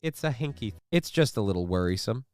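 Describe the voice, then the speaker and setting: A man hosting a casual live stream reads out viewer comments and news stories, tossing in sarcastic, offhand remarks. His mid-range voice is animated and a little mellow, fairly quick, with no echo.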